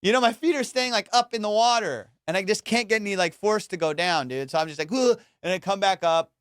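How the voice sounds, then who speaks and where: A young man hosting a podcast, telling a story in an animated, casual way, swearing and saying "dude" and "bro" a lot. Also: high-pitched, quick pace, clean tone, dry recording, clean studio sound. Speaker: podcast host.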